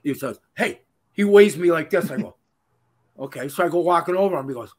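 A man, telling stories as a guest in a casual interview, folksy and animated, laughing often. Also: high-pitched, unhurried, pauses often, husky. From Minnesota. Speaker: guest, retired pro wrestler.

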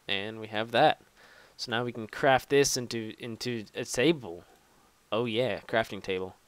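A young man who makes gaming videos on YouTube rambles casually over his gameplay, swearing frequently and teasing himself. He has a lowish, slightly bright voice, recorded with no room sound.

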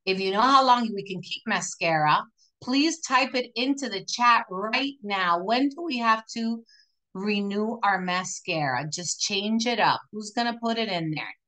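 A woman's voice: mid-range voice, expressive, measured pace, pushed and bright, low-quality recording. A woman hosting a live makeup tutorial, chatty and encouraging, talking viewers through each step as she works. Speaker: makeup demonstrator.

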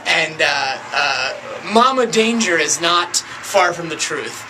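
A man in his late twenties, a wrestler, giving a halting tribute full of fillers and restarts. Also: on the high side, animated, noisy background. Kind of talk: recorded tribute message.

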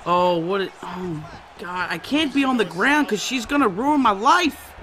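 A man commentating his own fighting-game match, excitable, yelping, laughing and swearing as he plays. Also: high-pitched, unhurried. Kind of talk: excited let's-play commentary. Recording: noisy background.

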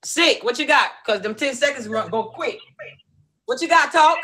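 A woman hosting a group guessing game, loud and playful, hurrying the players along and telling them not to cheat. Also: high voice, lively intonation, moderate pace. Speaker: game host.

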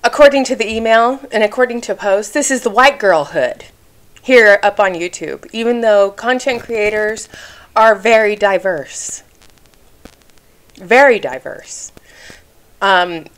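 A woman vlogger talking straight to the camera in an indignant, emphatic rant, stopping often to ask "okay?", and at times getting emotional. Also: a little high. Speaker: YouTube commentary creator.

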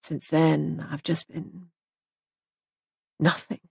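A haunted young man who deserted the army, as a woman reading aloud puts him on. He speaks quietly and haltingly, in a gravelly, husky voice set a little lower. The sound is close and dry. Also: lively intonation, dry recording, exaggerated voice. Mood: despairing.

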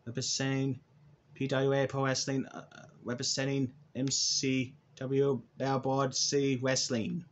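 A man cutting a rambling wrestling callout promo, halting and restarting often. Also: mid-range voice, completely flat delivery, a little hiss or hum. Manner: halting, with restarts and repeated words.

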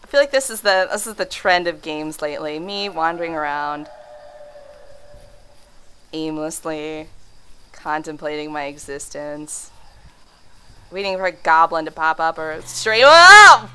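A woman's voice: low-pitched, measured pace, pauses often, a bit bright, clean tone. A young woman playing a horror game at home, giving casual commentary, jumpy and swearing, shrieking at scares and laughing them off. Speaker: let's play gamer. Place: home room.

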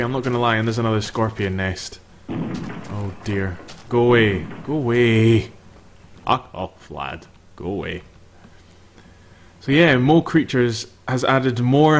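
A man's voice: medium pitch, fairly bright tone, a little hiss or hum. A young man giving casual, chatty commentary over a game, swearing freely and talking to the creatures on screen. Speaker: gameplay commentator.

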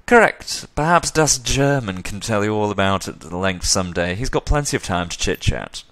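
A man's voice: lowish voice, expressive, normal speed, a bit bright, no room sound. A man voicing a flippant, condescending male elf who lectures at length with sarcasm. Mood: lecturing.

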